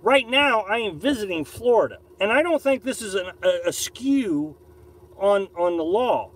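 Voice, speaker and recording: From his camper at a beach campsite, a Missouri man hosts a casual live stream, reading viewer chat in a rambling, opinionated way and often repeating or restarting himself. His voice is high, animated and fairly bright, at a moderate pace. The audio quality is poor.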